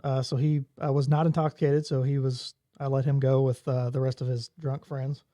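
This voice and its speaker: A man, a police officer, telling stories from his career in a brisk, matter-of-fact way, with the odd chuckle. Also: mid-range voice, little pitch movement, mellow, no room sound. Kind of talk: casual storytelling.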